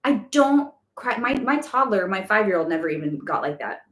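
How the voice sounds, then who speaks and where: A woman's voice: medium pitch, sing-song, moderate pace, fairly bright tone. A woman hosting a casual live spiritual Q&A, chatty and rambling with lots of fillers. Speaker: spiritual guidance host. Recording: echoey room.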